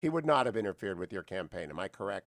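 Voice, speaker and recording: Animated middle-aged radio host, dry mic. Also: male voice, quick pace, no room sound. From northeastern Ohio. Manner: chatty, animated, drops to a low, quiet register for serious points. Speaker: radio talk show host. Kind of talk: radio interview.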